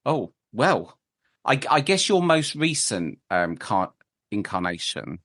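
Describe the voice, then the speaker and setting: A man's voice: on the low side, very animated, slow pace, a bit bright. Polite, hesitant podcast host, man. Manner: hesitant, polite, with fillers and restarts. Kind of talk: interview.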